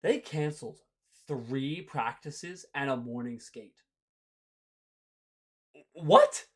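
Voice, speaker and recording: A man's voice: mid-range voice, slow pace. A young man hosting a hockey show, ranting in an exasperated, sarcastic way. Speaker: hockey podcast host. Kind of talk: ranting sports commentary.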